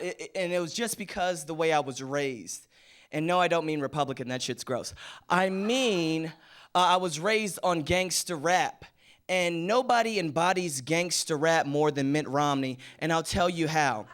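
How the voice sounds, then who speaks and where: A young male comic works a live studio stage, and his voice is fairly high and smooth. He keeps a chatty, casual flow and drops into slangy impressions of his friends. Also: fairly bright tone. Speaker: stand-up comedian. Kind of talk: stand-up comedy set.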